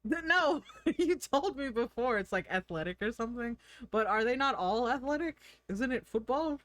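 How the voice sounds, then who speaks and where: American woman streamer, chatty and giggly, animated voice, dry close sound. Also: fairly high pitch, normal speed, no echo. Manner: chatty, giggly, thinks aloud. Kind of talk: casual live-stream chat.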